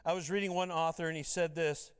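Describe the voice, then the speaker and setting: Preaching quickly in a church sanctuary, a male pastor with a fairly high, smooth, steady voice talks conversationally and tosses out rhetorical questions. The recording carries the reverberance of a church hall.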